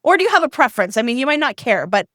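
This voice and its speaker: A woman co-hosting a podcast, chatty, excitable and openly emotional as she talks. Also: high voice, very fast, no room sound, clean studio sound. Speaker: podcast co-host. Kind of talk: casual interview chat.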